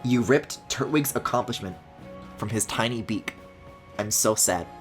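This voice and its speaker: A woman streaming a video game, chatting casually and swinging between loud squealing outbursts and low mutters, swearing often. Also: a little slow, faint music behind.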